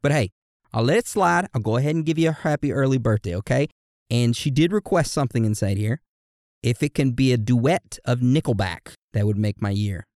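A man co-hosting a podcast in casual chat, playfully reading out listener messages and birthday shout-outs. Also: medium pitch, brisk, no room sound, clean studio sound. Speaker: podcast co-host.

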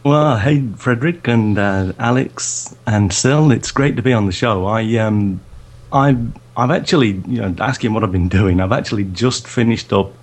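A man, a photographer and podcaster, chatting as a guest in a halting way, with many fillers and restarts. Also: fairly low pitch. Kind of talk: casual podcast chat.

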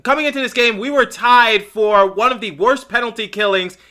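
A sports podcast host, flying solo, vents his frustration over hockey and scolds the team directly. His very high voice has a sharp tone, and he talks at a normal speed.

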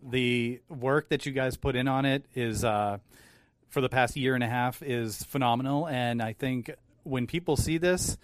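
A man's voice: medium pitch, measured pace, no room sound. A man hosting a podcast, speaking earnestly and with enthusiasm. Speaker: podcast host. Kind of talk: casual podcast chat.

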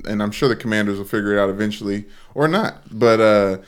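Male sports podcast co-host, low voice, dry deadpan wit. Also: fast talker, clean tone. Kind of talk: casual sports chat.

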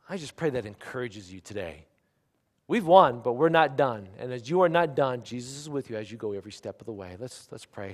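A man in his forties preaches to a congregation with a mid-range voice. He drops to near-whispers for intimate asides, then builds to loud, emphatic declarations. His voice rings out with the long reverb of a large hall. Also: medium pitch, brisk. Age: 40s. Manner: animated preaching, swinging from quiet asides to loud emphatic lines. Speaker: pastor. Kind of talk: sermon.

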